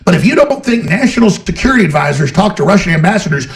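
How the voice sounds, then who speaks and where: A man rants about politics, heated and sarcastic. His voice sits high with a gravelly edge. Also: very animated, quick pace. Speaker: political commentator. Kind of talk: ranting political monologue.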